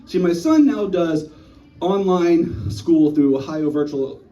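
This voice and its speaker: A man in his thirties performs stand-up comedy, telling stories in a lively voice that swings widely in pitch and slips into the voices of the people in them. His voice sits high for a man. The mic picks him up from a distance in a small room. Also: takes it slowly, highs cut off. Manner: animated storytelling, acting out voices. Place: small live venue.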